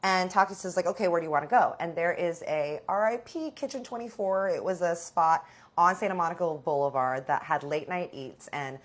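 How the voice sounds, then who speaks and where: A woman's voice: on the low side, normal speed. A young adult woman telling a dramatic personal story in a casual vlog, swearing freely. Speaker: storyteller vlogger.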